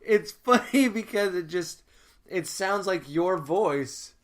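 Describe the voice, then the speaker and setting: A man co-hosting a podcast in casual chat, joking and laughing often with quick interjections. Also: sits high, expressive, slight background noise. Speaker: podcast co-host.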